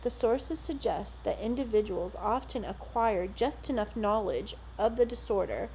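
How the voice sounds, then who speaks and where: A woman reading scripted documentary narration in a measured, clinical tone. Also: medium pitch, lively intonation, dark tone, slight background noise, rough recording.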